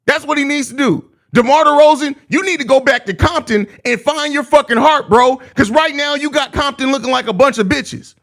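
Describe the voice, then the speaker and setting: Profane high-voiced man ranting on a live stream. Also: brisk, few pauses, fairly bright tone. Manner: profane, exasperated ranting with heavy slang. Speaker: host of a live postgame show.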